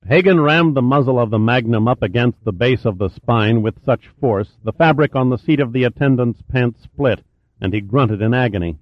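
A man reads thriller narration in a steady, measured voice at a middle pitch. The recording is dry and a little muffled, with no room sound at all. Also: no echo. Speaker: audiobook narrator.

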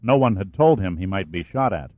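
A man reading a war thriller aloud as an audiobook narrator, in steady storytelling. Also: low voice, a little fast, no room sound. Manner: steady storytelling, lifts and raises his voice for shouted dialogue. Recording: dry, tinny phone-like sound.

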